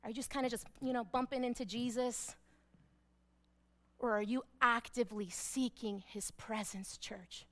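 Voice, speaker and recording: Woman pastor, high and bright, emphatic sermon delivery with hushed repetitions. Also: fairly even intonation, moderate pace. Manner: emphatic, dropping to hushed repeated phrases.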